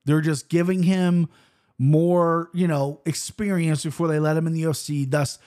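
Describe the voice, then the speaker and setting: A man in his thirties hosting a casual fight-sports betting show, rambling quickly with restarts and the odd curse. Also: a little high, little pitch movement, darkish tone. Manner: rambling, fast-talking with frequent restarts and swearing. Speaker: show host. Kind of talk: casual MMA betting commentary.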